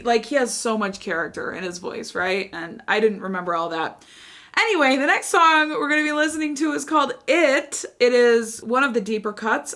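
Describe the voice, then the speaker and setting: A woman's voice: on the high side, fairly bright tone. A woman hosting a music reaction video, talking casually and enthusiastically, with lots of "like" fillers. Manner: enthusiastic, chatty, frequent "like" fillers.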